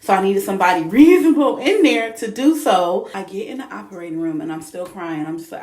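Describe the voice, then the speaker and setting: Animated young woman in an echoey room. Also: medium pitch, brisk, few pauses. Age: young adult. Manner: animated, expressive, vivid retelling. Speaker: young mother telling her birth story. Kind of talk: casual storytelling to camera. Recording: roomy echo.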